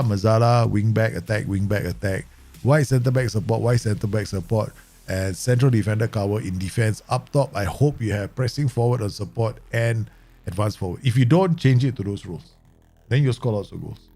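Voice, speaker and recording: A man with a Southeast Asian English accent commentating live on his management game, chatty and quick to laugh as he talks to his viewers. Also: fairly low pitch, dark tone, dry recording. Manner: chatty, laughs easily, talks to himself and chat. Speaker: game streamer.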